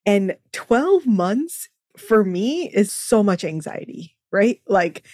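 A woman doctor appearing as a podcast guest, speaking in an animated, chatty way and laughing often. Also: medium pitch, slow, no echo, studio quality. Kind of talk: casual interview chat.

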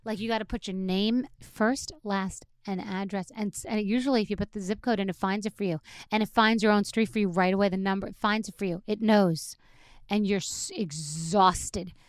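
A middle-aged woman hosts a podcast with a solo comedic rant, sarcastic and exasperated, with plenty of swearing. Her mid-range voice is a bit bright, clear and resonant, recorded at studio quality with no echo.

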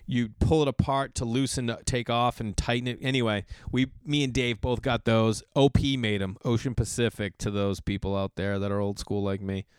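A middle-aged podcast host from the US Northeast tells a long, rambling personal story in a smooth, resonant, mid-range voice, animated and at normal speed with few pauses. He keeps restarting sentences and suddenly slipping into the voices of people in the story. The sound is dry and close, with no echo or room around it.

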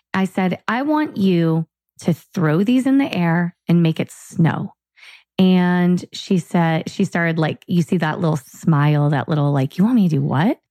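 A woman's voice: on the low side, dry recording. A woman co-hosting a podcast, telling a family story in casual chat and acting out the dialogue. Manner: animated storyteller, acts out dialogue. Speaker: podcast co-host.

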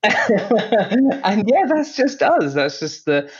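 A man with a Northern English accent chats as a podcast guest. His voice is fairly high, and he jokes and laughs often. The audio sounds dull and lo-fi. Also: big pitch swings, very slow. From north of England. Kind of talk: casual chat.

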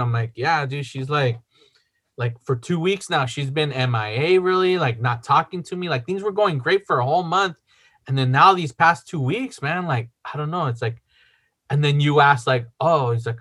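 A man's voice: a little high, normal speed, sharp tone. A man casually telling a long personal story, rambling with lots of fillers and swearing.

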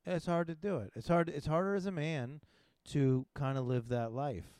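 A man's voice: a little high, fairly even intonation, moderate pace, darkish tone, clear, resonant tone, no room sound. A man hosting a podcast in casual chat, teasing and crude, often stumbling over his words and restarting, on a close studio mic. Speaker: podcast host. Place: studio room, in person.

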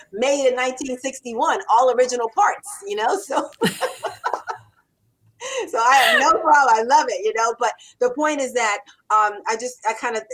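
Woman, 60s, animated, conversational, acts out quoted lines. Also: a little high, rough recording. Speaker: copywriter and author. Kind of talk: conversational interview.

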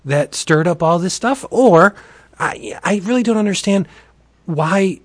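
A man's voice: lively intonation, measured pace, no echo. A man doing a frantic panicky cartoonist. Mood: puzzled. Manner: frantic, swearing, rising pitch.

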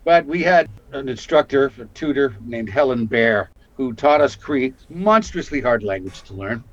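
A man's voice: moderate pace, no echo. A man in his sixties from Canada, an actor telling stories in a casual interview and acting out the voices of the people he quotes. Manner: animated storyteller, acts out quotes with big pitch jumps. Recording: muffled lo-fi audio.

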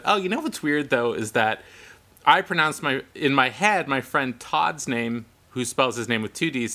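Animated, bright-voiced man telling stories. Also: mid-range voice. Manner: animated, laughing storyteller who acts out quoted voices. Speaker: podcast co-host. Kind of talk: casual chat and storytelling.

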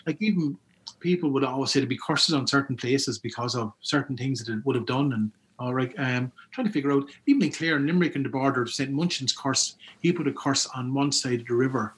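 Speaking briskly in a medium-pitched voice, a man with an Irish accent casually recounts folklore he collected. The chat meanders, full of restarts and side remarks.

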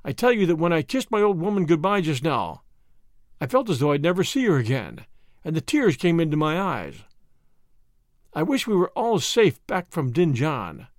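A man's voice: a little high, very animated, moderate pace, no echo, studio quality. A man voicing a stern older Boer commandant who speaks in a firm, authoritative way. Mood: troubled.

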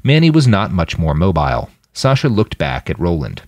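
A man narrating his own serialized fiction in an expressive storytelling manner, close to the mic. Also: sits low, moderate pace, no echo, highs cut off. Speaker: podcast fiction reader. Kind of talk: audiobook narration.

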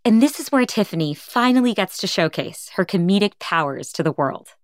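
A woman podcast host giving calm, measured scripted narration between interview clips. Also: medium pitch, dry recording, studio quality.

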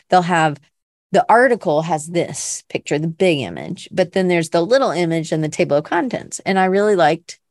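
A woman's voice: fairly low pitch, no echo, studio quality. A middle-aged woman from Canada hosting a casual online art class, chatty and rambling, full of fillers and restarts. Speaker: art workshop host.

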